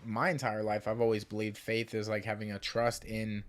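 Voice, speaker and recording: A man's voice: fairly low pitch, completely flat delivery, moderate pace. A man hosting a podcast, musing in a loose, reflective way with plenty of "like". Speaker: podcast host. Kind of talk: casual podcast conversation.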